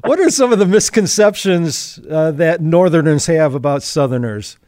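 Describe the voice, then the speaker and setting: A man's voice: a little high, animated, moderate pace, darkish tone, no echo, studio quality. A man from the northern US hosting a casual interview and laughing easily. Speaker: radio host.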